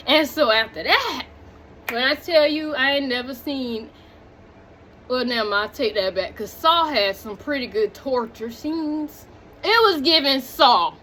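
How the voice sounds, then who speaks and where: Chatty high-voiced woman recapping a movie. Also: a little slow, slight background noise. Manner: animated and chatty, talks straight to viewers, drifts off on tangents. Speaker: movie reviewer.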